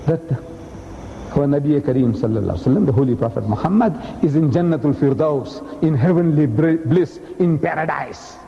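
A man giving a lecture, telling a story with lively acted-out dialogue. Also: on the high side, a little fast, gravelly, echoey room, big-room sound, highs cut off. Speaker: speaker.

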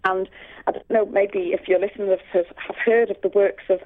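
A woman's voice: medium pitch, fairly even intonation, moderate pace. A woman guest on a radio show, telling stories earnestly and passionately, with frequent restarts and fillers. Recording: phone-line call-in audio.

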